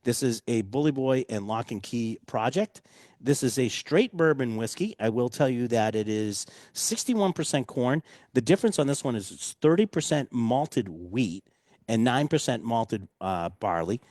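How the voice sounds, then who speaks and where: A man's voice: medium pitch, expressive, normal speed, darkish tone, no room sound, studio quality. A man hosting a casual radio chat, loose and enthusiastic, full of fillers. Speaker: radio show host.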